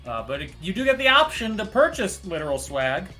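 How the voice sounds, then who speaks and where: A man hosts a casual online trivia show. His voice is bright and forceful and sits a little high, and he tosses in dry, self-mocking jokes as he goes through the answers. Soft music plays quietly behind him. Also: big pitch swings, brisk. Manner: joking, wry asides between quiz answers. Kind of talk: casual live-stream hosting.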